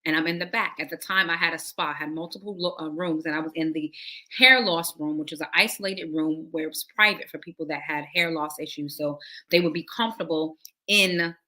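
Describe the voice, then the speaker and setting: A woman preacher telling her testimony to a livestream audience, animated and acting out the conversations as she goes. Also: low voice, fairly quick. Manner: animated storytelling that acts out dialogue and addresses listeners as y'all. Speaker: prophet and preacher.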